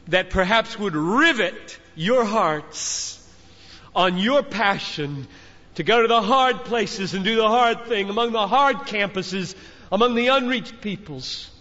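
A man's voice: sits high, fairly bright tone. A man preaching a sermon to a large gathering, speaking as a father, with earnest, fatherly exhortation that builds through emphatic repetition. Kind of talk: sermon to a conference crowd. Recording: muffled hall recording with long reverb.

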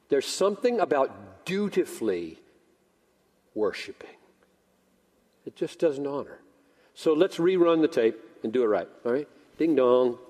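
A man's voice: mid-range voice, a little mellow, big-room sound. An older man preaching a sermon as pastor, telling a story animatedly and acting out both sides of the dialogue. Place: church sanctuary.

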